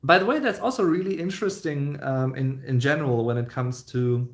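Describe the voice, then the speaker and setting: A man's voice: mid-range voice, a little fast. A man with a German accent hosting a casual livestream question-and-answer chat, speaking English as a second language in an easygoing, rambling way with many fillers and restarts. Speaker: host.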